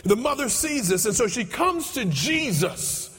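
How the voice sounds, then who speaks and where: High-voiced preacher in an echoing hall. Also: male voice, big pitch swings, a little slow, breathy edge. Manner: repeats phrases, builds to shouts. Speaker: pastor. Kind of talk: sermon. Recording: echoey hall with long reverb.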